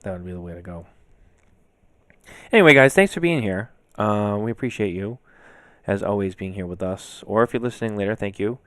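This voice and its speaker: A man's voice: lowish voice, animated, a little fast, no room sound. A man co-hosting a casual podcast, chatty and emphatic, rambling through stories. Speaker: podcast co-host. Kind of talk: casual chat.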